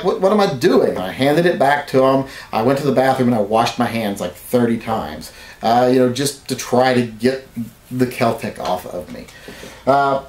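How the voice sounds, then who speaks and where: Man, vlogger, rambling mock-serious apology, echoey room. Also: medium pitch. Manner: rambling, deadpan then mock-outraged rants. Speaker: gun channel vlogger.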